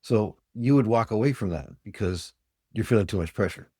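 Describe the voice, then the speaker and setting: In a studio-quality recording with no echo, an older man from Ontario, Canada, speaks a little fast in a fairly low, dark-toned voice. He's a sales trainer and podcast guest, telling plain-spoken customer stories in a storytelling interview.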